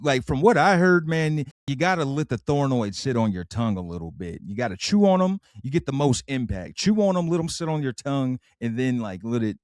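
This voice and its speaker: A man co-hosting a podcast, retelling a story in casual, slangy, animated fashion. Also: mid-range voice, fairly quick, few pauses, dry recording, clean studio sound. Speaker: podcast co-host. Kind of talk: casual comedic recap.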